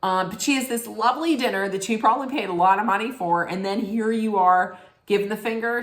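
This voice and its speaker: A woman's voice: medium pitch, brisk. A woman giving a rambling, blunt casual rant as a reality TV recap vlogger, swearing freely. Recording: roomy echo.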